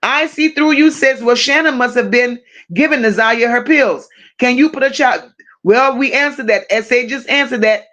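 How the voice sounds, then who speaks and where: A woman hosting a casual true-crime livestream, reading viewer comments aloud and answering them with blunt, profane, animated banter. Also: on the high side, moderate pace. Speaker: livestream host reading chat.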